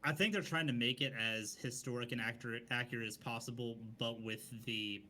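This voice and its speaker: A man co-hosting a gaming podcast, explaining in a calm way. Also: medium pitch, a little fast, a crowd in the background. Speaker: podcast co-host. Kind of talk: casual gaming podcast chat.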